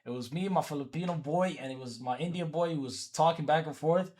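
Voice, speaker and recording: Husky-voiced man bantering with his chat. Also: on the high side, fast talker, a little mellow. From Africa. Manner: repetitive, teasing, talks back to chat. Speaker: livestreamer. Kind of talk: casual stream chat.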